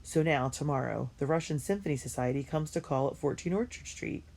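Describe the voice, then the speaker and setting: A woman reading a first-person diary story aloud in an earnest and expressive way. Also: very deep voice, a little fast, vocal fry. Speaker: audiobook reader.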